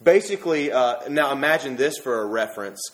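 Young male preacher, conversational sermon delivery, animated with sudden emphatic peaks. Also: medium pitch, brisk.

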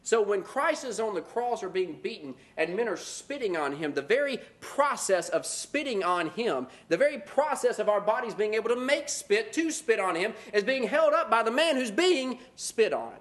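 High-voiced, animated preacher man. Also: moderate pace, hardly any pauses. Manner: animated, mocking put-on voices of self-righteous believers. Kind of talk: sermon.

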